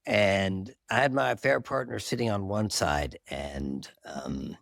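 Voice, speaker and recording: A middle-aged marriage therapist recounts his story candidly in an interview, animated and earnest, laughing at himself along the way. His gravelly voice sits low and moves slowly, captured in a dry, clean studio recording.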